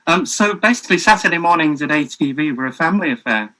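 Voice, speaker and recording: A man's voice: a little high, expressive, quick pace, pushed and bright, low-quality recording. A man interviewing a guest. He gives short agreeing replies and asks long, carefully framed questions.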